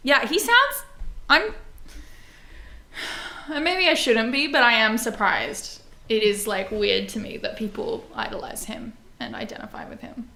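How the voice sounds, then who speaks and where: Young woman, podcast co-host, bright lively voice, wry quips, echoey room. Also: on the high side, a little slow, gravelly. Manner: wry quips and frequent laughs. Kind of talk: casual book discussion.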